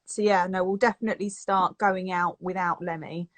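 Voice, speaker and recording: A woman's voice: lowish voice, fairly even intonation, normal speed, dry recording. Woman hosting a live Q&A, dry sound. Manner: reads out audience questions, short friendly replies. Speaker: interviewer. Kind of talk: casual live-stream interview.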